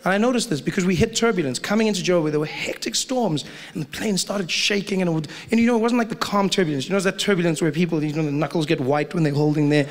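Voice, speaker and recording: A stand-up comedian telling an animated, excitable story. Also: male voice, high-pitched, quick pace, few pauses, big-room sound.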